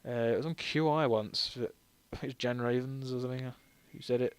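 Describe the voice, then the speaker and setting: A man's voice: medium pitch, fairly even intonation, a little fast, smooth. A man giving casual let's-play commentary while tipsy, rambling and self-deprecating, laughing often as he talks. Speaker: game streamer.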